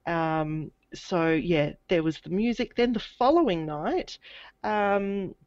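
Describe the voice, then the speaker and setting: A woman telling a personal story in a halting, hesitant way, with many restarts. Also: on the low side, animated, darkish tone, dry recording, lo-fi sound. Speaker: guest. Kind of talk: casual recounting of a personal experience.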